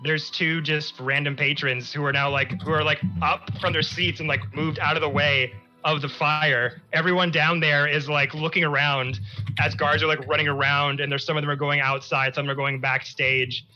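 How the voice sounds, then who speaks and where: Bright-voiced male game master. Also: fairly high pitch, normal speed. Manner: animated, rambling descriptions. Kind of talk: narrating a tabletop game. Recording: muffled stream audio with music.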